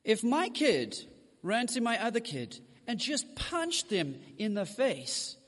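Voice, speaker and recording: A male preacher with a high, lively voice that swings up and down as he speaks straight to his congregation. His sermon rings out through a church hall with a long, trailing reverb. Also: slow pace. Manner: direct, addresses the congregation with asides.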